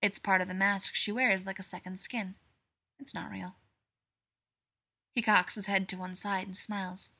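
Bright-voiced woman reading dark fiction. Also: mid-range voice, fairly even intonation, normal speed, pauses often, husky. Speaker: reader. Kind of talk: dark fan fiction narration.

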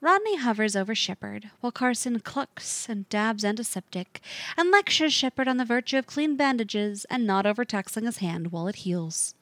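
A woman narrating a fiction story aloud with an expressive, varied delivery. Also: on the high side, normal speed, no room sound.

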